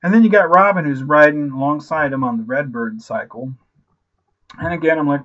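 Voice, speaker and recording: A man in his thirties giving a casual, ranting movie review, animated and profane, constantly saying "like" and "you know". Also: a little high, fairly quick, highs cut off. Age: 30s.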